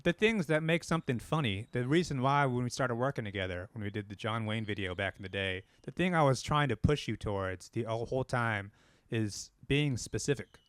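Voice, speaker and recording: A man co-hosting a podcast, arguing his point in an animated, opinionated way and swearing casually. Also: mid-range voice, a little fast, no echo, studio quality. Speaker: podcast co-host. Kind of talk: casual chat.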